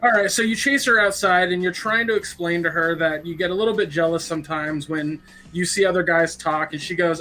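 A man narrating an improvised comic tabletop game as game master, stammering and crude, with a deadpan delivery. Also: high-pitched, brisk, hardly any pauses, soft background music.

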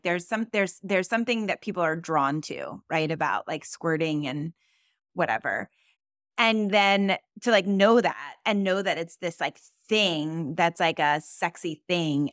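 A woman's voice: fairly low pitch, fairly bright tone, no room sound. A woman co-hosting a podcast, chatting candidly and animatedly with lots of fillers, close to the mic. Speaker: podcast co-host. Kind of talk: casual chat.

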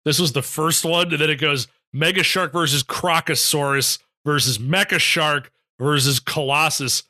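A man chatting casually as a podcast panelist, chiming in with trivia. His voice is bright and forward, with a dry, close sound. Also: fairly high pitch, fairly even intonation, moderate pace, no room sound. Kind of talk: casual chat.

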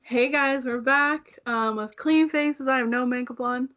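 Chatty young woman, slightly high. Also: fairly even intonation, measured pace, a bit bright. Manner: chatty, fillers of "like" throughout. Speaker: co-host. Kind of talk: casual chat while doing makeup. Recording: dull lo-fi recording.

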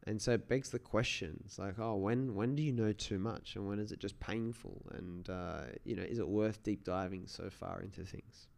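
A man's voice: fairly low pitch, fairly even intonation, normal speed, vocal fry, few pauses, a little mellow. A man hosting a solo podcast, talking in a casual, rambling way with many restarts. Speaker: podcast host.

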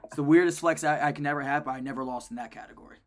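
A young man co-hosts a casual sports podcast, his voice sitting a little high for a man. He tells stories animatedly and climbs sharply in pitch when something excites him. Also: rapid-fire. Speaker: podcast co-host.

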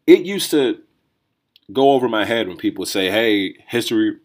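A man hosting a solo podcast, riffing in a rambling, think-out-loud way with lots of restarts and "right?" tags. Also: medium pitch, very animated, normal speed. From New Jersey or New York area, USA. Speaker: podcast host. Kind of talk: casual solo commentary.

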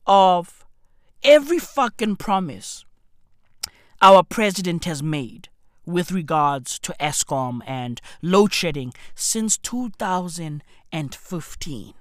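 A woman giving a comedic, slangy rant to camera, bursting into shouts. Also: lowish voice, dry recording, clean studio sound. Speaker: vlogger.

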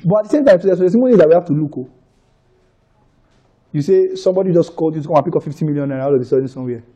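A man's voice: on the high side, rapid-fire, warm tone, breathy edge, dull audio. A man with a Nigerian accent preaching a conversational sermon, repeating phrases for emphasis and often checking that listeners are following. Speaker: pastor.

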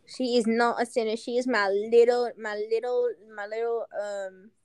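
A woman's voice: a little high, level tone, moderate pace, a little mellow, clear, resonant tone, no room sound, close to an everyday voice. A woman putting on a put-on US Southern accent to play a proud, folksy Southern mother of five, in a chatty, gossipy drawl. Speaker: podcast co-host.

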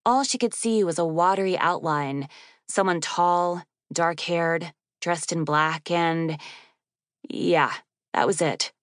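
A woman narrating an audiobook in a wry, expressive reading. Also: lowish voice, takes it slowly, no room sound, clean studio sound. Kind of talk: scripted narration.

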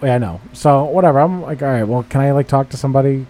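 A man's voice: medium pitch, fast talker, warm tone. A man on a podcast telling a profane, exasperated story and acting out the dialogue. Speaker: podcast host. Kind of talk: casual chat. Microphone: studio microphone.

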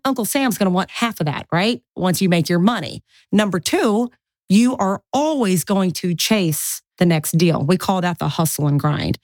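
A woman in her forties, a guest in an interview, chatting and telling animated stories from her life. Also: on the low side, dry recording. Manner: chatty, animated, mimics family voices in anecdotes. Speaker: guest, real estate investor. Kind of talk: casual interview storytelling.

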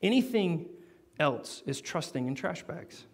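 Animated preaching man, rising emphasis. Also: a little high, measured pace. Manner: animated, builds to emphatic peaks, storytelling. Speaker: pastor. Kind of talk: sermon.

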